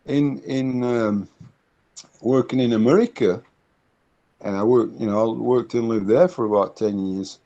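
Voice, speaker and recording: In a dull, lo-fi recording, a middle-aged man who works as a consultant talks casually during an interview. His medium-pitched, dark voice moves unhurriedly through anecdotes, frequently repeating words as he searches for them.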